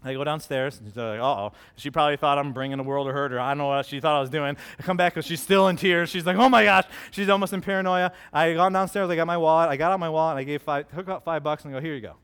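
Man, 30s, high-pitched, earnest storytelling sermon, direct delivery. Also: steady tone, very fast, hardly any pauses, fairly bright tone, clear, resonant tone. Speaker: preacher. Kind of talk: conversational sermon.

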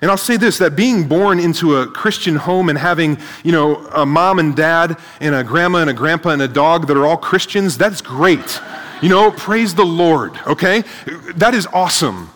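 A man preaching a sermon to a seated audience, energetic, asking rhetorical questions and often adding "right?". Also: fairly high pitch, moderate pace. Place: large hall with a live audience. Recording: long hall reverb.

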